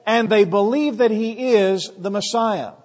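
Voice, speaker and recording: High-voiced preacher echoing through a hall. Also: male voice, measured pace, a little mellow. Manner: emphatic, acts out crowd voices. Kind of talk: sermon. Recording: reverberant hall, dull lo-fi sound.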